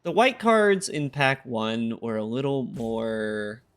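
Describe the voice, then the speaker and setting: Tired gravelly-voiced man talking through a game. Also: mid-range voice, animated, slow pace, fairly bright tone. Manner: thinking aloud, laid-back, wry. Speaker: gaming content creator. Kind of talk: casual gameplay commentary.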